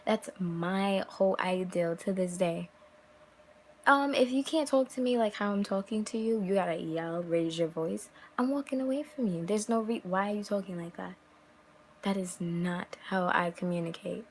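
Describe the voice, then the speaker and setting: Speaking casually to the camera, a young vlogger gives forceful relationship advice, firing off rhetorical questions and voicing imagined quotes. She has a mid-range, darkish voice at a normal speed. The audio is low quality with a little hiss or hum.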